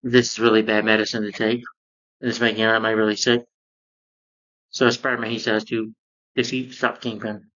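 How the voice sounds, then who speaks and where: A man with a fairly low voice walks through a cartoon episode in a loose, rambling recap, leaning on "you know" and restarting his sentences. The sound is dull and lo-fi. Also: little pitch movement, normal speed, pauses often, a bit bright. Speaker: cartoon reviewer. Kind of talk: casual spoken review.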